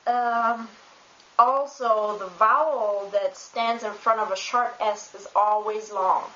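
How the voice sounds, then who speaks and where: A woman who speaks German natively, giving a casual spoken pronunciation lesson, relaxed and hesitant with many ums and uhs. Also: medium pitch, takes it slowly. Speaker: German tutor. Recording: roomy, dull home recording with hiss.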